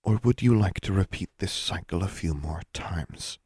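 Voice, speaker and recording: A man voicing a cool, steady witch who leads a school, speaking in a measured, icy way in a storybook reading. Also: low voice, breathy edge, no room sound, studio quality. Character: cool, steady older witch dean, female.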